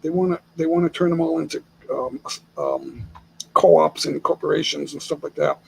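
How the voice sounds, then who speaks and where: A man's voice: fairly high pitch, normal speed, creaky, husky, poor audio. An older man from the United States hosting a casual live stream chat from home, speaking bluntly and with opinions, chuckling often.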